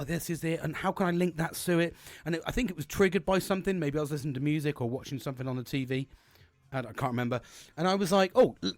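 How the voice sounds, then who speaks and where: A man's voice: on the high side, no echo. Sweary rambling man, dry sound. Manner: rambling, heavy swearing, frank and self-mocking. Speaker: podcast host. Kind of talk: solo podcast monologue.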